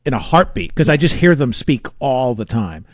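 A man co-hosting a radio show, joking in lively, casual banter. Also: medium pitch, moderate pace, no room sound, clean studio sound. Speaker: radio co-host.

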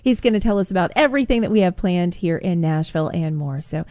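A woman's voice: fairly low pitch, animated, fast talker, dark tone, no echo, clean studio sound. Chatty woman radio host. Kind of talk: casual radio chat.

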